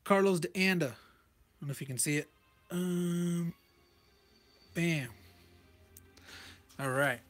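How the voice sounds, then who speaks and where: A man's voice: fairly high pitch, takes it slowly, long pauses, fairly bright tone, soft background music. A man casually reviewing a comic page by page, chuckling often and correcting himself in rambling asides. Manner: chuckles often and reads panel text aloud.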